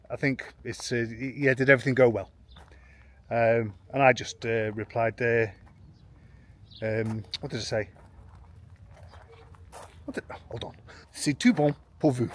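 A man's voice: mid-range voice, a little hiss or hum. Chatty self-mocking man vlogging. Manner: rambling and self-mocking, with frequent restarts and chuckles. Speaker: expat family vlogger. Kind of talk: casual chatty vlog to camera. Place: in and around a home in rural France.

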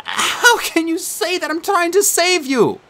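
A man voicing a desperate, intense teenage boy who summons the dead, speaking high, urgent and commanding. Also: huge pitch swings, unhurried, bright, forceful tone, heavily acted. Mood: urgent pleading.

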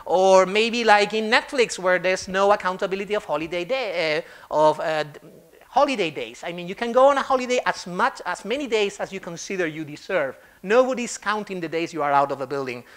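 Lively, high-voiced man giving a conference talk. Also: brisk. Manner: animated, acts out quotes in funny voices. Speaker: conference speaker. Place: conference stage.

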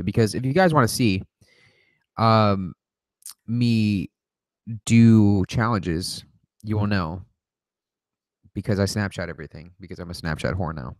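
Man, lowish voice, loose profane livestream host banter, dry close sound. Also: unhurried, long pauses, no echo. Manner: joking, profane, rambling. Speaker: livestream host answering viewer questions. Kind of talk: casual rapid-fire Q&A livestream.

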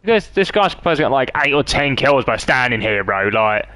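A man's voice: mid-range voice, big pitch swings, normal speed, pushed and bright, no room sound. A man giving profane, trash-talking commentary while streaming a game live.

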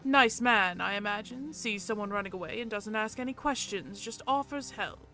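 A woman voicing a proud, scheming male peacock who tells a story in a haughty, slightly raised and louder voice. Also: mid-range voice, normal speed, soft background music. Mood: storytelling.

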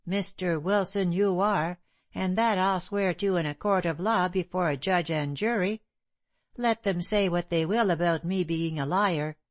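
A woman voicing a stubborn, indignant London landlady in an audiobook, insistent and sharp-tongued. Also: lowish voice, a little slow, dry recording, natural voice.

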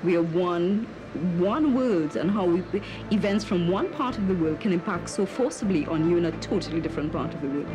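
A woman from the Caribbean speaks in a fairly low voice, reflecting earnestly in an interview. Music plays clearly behind her. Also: lively intonation, a little fast, low-quality recording.

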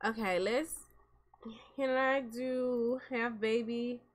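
A woman's voice: on the high side, fairly even intonation, takes it slowly. A young woman, chatting casually over gameplay and talking to her viewers as "y'all". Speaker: gameplay commentator. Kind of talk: casual game commentary.

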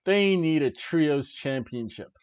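A man's voice: fairly high pitch, expressive, slow pace, a little mellow, no echo. A man co-hosting a podcast, casually reviewing a wrestling show in an enthusiastic, rambling way with frequent restarts. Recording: dry, slightly muffled home recording.

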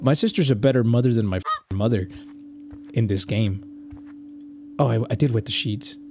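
A man's voice: mid-range voice, a little mellow, a little hiss or hum. Joking, foul-mouthed man playing a game. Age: 30s. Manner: joking, swears a lot, mixes in Spanish slang. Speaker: gaming YouTuber. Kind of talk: let's play commentary.

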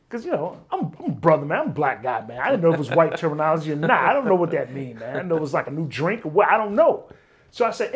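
A man telling stories as an interview guest, animated, swearing freely, peppering his talk with "man" and acting out other people's lines. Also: on the high side, brisk, slightly rough. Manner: animated, swears often, keeps saying "man". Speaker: interview guest, former bodyguard. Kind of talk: casual storytelling.

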